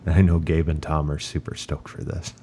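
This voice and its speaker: A man's voice: rumbling low, flat delivery, normal speed, warm tone, a little hiss or hum. A man hosting a casual podcast, jokey and often laughing. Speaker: podcast host.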